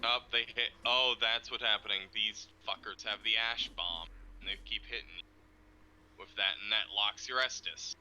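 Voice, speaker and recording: A man streaming a game, explaining plans in a rambling, profane, excitable way. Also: fairly low pitch, moderate pace, poor audio. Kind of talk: casual chat while gaming.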